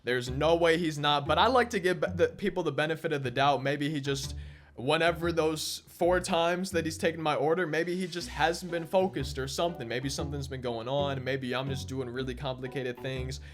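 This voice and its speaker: A man's voice: on the high side, moderate pace. A young man casually telling a long story while opening packs in a video game, rambling and amused, often repeating words as he goes. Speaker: gaming YouTuber.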